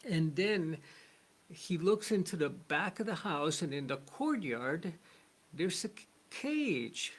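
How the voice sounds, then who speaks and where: A man's voice: on the high side, sing-song, slow, slightly rough. A man teaching a spiritual lesson, telling a parable in an earnest storytelling manner. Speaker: shamanic teacher.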